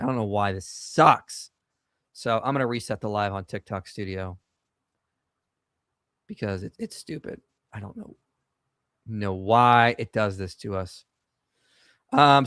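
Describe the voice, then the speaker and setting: Male live-show host, mid pitch, dry close sound, chatty and offhand. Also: fairly bright tone, dry recording. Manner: chatty, reads donations aloud, grumbles about tech. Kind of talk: casual live-stream chat.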